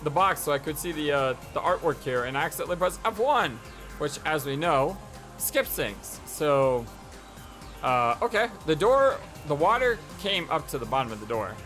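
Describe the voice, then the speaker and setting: A let's play host reading a visual novel aloud and reacting in an excitable, stammering way. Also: male voice, fairly high pitch, moderate pace, soft background music.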